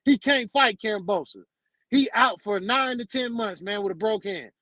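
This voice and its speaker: A man with a notably high voice hosts a sports talk show and rants emphatically. He sounds close and dry, with no room around him. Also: normal speed, fairly bright tone, no echo, low-quality recording. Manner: emphatic, ranting, peppers lines with "man".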